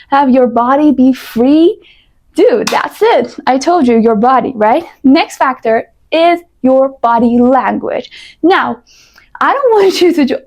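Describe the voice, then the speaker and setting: High-voiced young woman giving chatty advice. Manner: animated, coaching, playful asides. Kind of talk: casual advice talk to camera.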